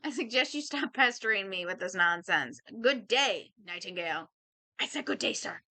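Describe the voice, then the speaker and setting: A woman voicing a curt, prickly middle-aged man who speaks gruffly and dismissively. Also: medium pitch, expressive, moderate pace, bright, forceful tone.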